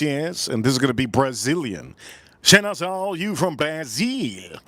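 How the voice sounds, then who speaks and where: A man's voice: mid-range voice, no echo. A man hosting a casual food livestream outdoors in the cold, crude and rowdy, repeating himself and calling out to the chat. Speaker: livestream host.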